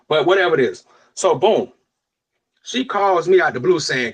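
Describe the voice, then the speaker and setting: A young man from Florida telling a personal story on a podcast, animated and profane, with loud outbursts and low, muttered asides. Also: moderate pace, slightly rough. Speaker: podcast co-host. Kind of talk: casual storytelling chat.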